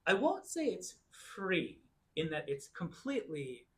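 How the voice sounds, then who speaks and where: A man lecturing a church class on Greek, his pitch rising and falling freely as he explains. He reads the Greek aloud slowly, word by word, and then breaks it down patiently for his students. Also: big pitch swings, fairly bright tone. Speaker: Greek language teacher.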